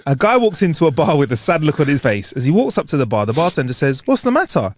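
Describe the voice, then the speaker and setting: A man reading jokes aloud in a lively storytelling way. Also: on the high side, fast talker, noisy background. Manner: lively storytelling, laughs at punchlines. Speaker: joke reader.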